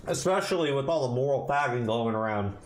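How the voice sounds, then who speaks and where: A man's voice: medium pitch, expressive, fairly quick, a little hiss or hum. A man co-hosting a casual commentary podcast, reading an article aloud and breaking off to swear and react in disbelief.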